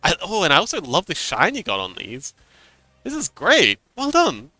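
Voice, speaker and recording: Bright, animated male game master. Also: on the high side, moderate pace, no echo. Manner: animated storytelling, laughs often. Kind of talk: casual livestream chat.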